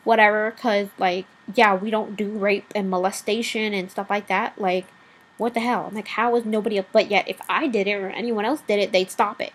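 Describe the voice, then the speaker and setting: A woman's voice: mid-range voice, fairly even intonation, moderate pace, rough recording. A woman vlogger delivering a blunt, profanity-laced rant, rambling with asides and fillers.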